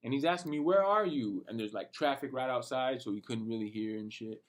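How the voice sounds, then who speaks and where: A young man telling a rambling, animated story about his night, full of slang and cursing. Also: mid-range voice, brisk. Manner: rambling and animated, talking to himself with lots of slang and profanity. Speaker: vlogger. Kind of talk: late-night personal rant.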